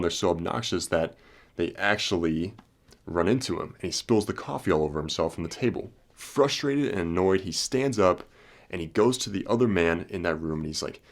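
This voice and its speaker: Young male self-help host, very low voice, earnest and rambling storyteller. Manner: earnest, repetitive "he's like" storytelling. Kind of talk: motivational talk with storytelling.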